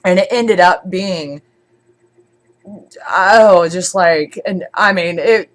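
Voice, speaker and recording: Chatty congested woman, lower voice. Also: slow pace. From born in Scotland, raised in Germany. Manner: rambling, with many fillers and restarts. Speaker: streamer. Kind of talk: casual chat.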